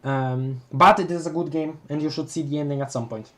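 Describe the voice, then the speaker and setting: Brief: young adult live-read streamer, laughs a lot, trips over words and corrects fast, chatty and excited. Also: mid-range voice. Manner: animated, laughing often, quick self-corrections. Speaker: livestream host reading a webcomic aloud. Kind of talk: casual live-read commentary.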